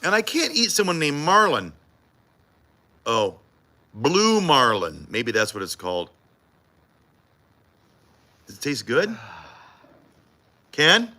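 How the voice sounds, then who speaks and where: Lively, bright-voiced joking male anchor. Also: fairly high pitch, takes it slowly, long pauses. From United States. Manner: joking, playful, teasing. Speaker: morning TV news anchor. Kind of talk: casual behind-the-scenes banter.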